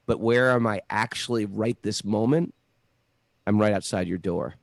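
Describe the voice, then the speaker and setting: A middle-aged man casually telling a long personal story, animated and rambling with many restarts. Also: on the low side, normal speed, creaky, dry recording.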